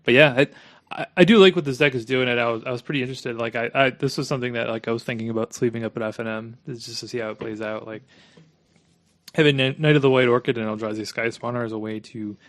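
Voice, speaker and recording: A man co-hosting a casual game podcast, talking hesitantly and trailing off quietly. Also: medium pitch, fairly even intonation, quick pace, no echo. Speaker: podcast co-host. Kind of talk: casual gaming chat.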